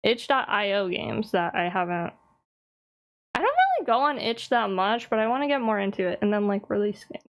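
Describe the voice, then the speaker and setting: A woman streams live and talks in a relaxed, chatty way. She teases the people in her chat and answers them, laughing often as she goes. Her voice sits at an ordinary middle pitch. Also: normal speed.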